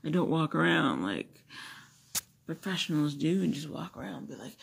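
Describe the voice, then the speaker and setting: A woman's voice: low-pitched, big pitch swings, moderate pace, gravelly, breathy edge. A woman vlogger chatting loosely to her phone camera, rambling with many fillers and asides. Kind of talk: casual chat to a phone camera.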